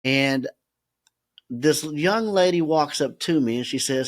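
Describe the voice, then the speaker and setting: Male podcast guest, storyteller who laughs easily, pitch a bit high. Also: slow pace. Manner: laughs often while telling stories. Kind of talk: animated storytelling.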